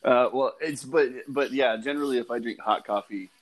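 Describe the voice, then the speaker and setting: A man's voice: mid-range voice, brisk. An American man co-hosting a podcast, chatting casually and joking with frequent laughs. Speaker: podcast co-host. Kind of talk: casual chat.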